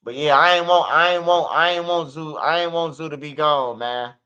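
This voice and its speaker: A man's voice: on the high side, steady tone, moderate pace, sharp tone. Rambling, profane man. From Chicago. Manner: rambling, profane, repeats bro and man, laughs often. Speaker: livestream commentator. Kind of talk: casual livestream rant. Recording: muffled lo-fi stream audio.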